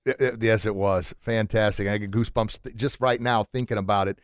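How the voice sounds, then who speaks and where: A man hosting a podcast interview in a small sound room, excitable and quick to laugh, often stumbling over his words. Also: on the low side. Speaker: podcast host. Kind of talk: casual chat.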